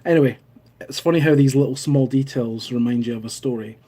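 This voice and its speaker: A man's voice: medium pitch, a little fast, mellow. A Scottish man hosting a casual live stream, telling a story and reading out viewer comments in a chatty way. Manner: chatty storytelling, laughs at own anecdote.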